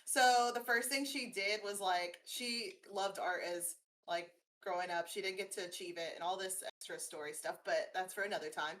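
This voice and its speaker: A woman's voice: on the low side, normal speed, hardly any pauses, a bit bright. A woman artist being interviewed, chatting in a bubbly way with frequent laughter. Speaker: guest artist. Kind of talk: casual interview chat.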